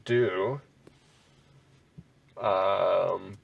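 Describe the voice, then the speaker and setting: A man's voice: medium pitch, unhurried, gravelly, pauses often, darkish tone, recorded from a distance, a little hiss or hum, poor audio. A man reading an AI text adventure aloud and adding wry, bemused asides as he plays. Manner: wry, bemused asides between read-out passages. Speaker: gamer playing an AI text adventure.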